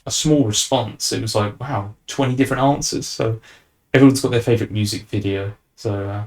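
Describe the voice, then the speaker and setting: A man's voice: lowish voice, steady tone, a little fast, darkish tone. A young man hosting a podcast, chatting casually and rambling with fillers and restarts. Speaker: podcast host. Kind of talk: casual chat.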